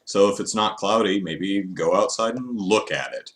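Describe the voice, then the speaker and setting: A man's voice: on the low side, normal speed, few pauses, a bit bright. A man chatting casually on a live stream, rambling and wry with many fillers. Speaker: vlogger.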